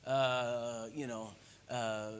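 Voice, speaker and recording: A man preaching a sermon on marriage, lively and conversational, with frequent jokes and asides. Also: mid-range voice, drawn-out words. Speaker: pastor. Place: church hall. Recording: echoey church hall reverb.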